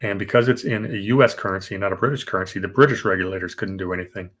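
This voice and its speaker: A man co-hosting a podcast explains banking history casually, with fillers and restarts. His voice sits low with a fairly bright tone, and he talks at a racing pace.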